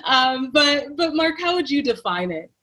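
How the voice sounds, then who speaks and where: A woman co-hosting a podcast, playful and quick to laugh. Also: high-pitched, big pitch swings, bright, forceful tone. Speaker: podcast co-host. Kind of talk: podcast conversation.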